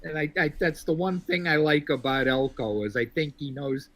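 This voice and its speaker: Dry, bright-voiced male caller from Texas. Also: on the high side, steady tone. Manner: measured, dry and wry, with frequent fillers. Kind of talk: casual sports call-in chat.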